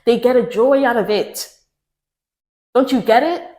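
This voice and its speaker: A woman's voice: a little slow, dark tone, echoey room. A woman giving relationship advice to the camera in an emphatic, preachy way, repeating lines for stress. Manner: mimics others in raised pitch. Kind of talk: direct-to-camera advice talk.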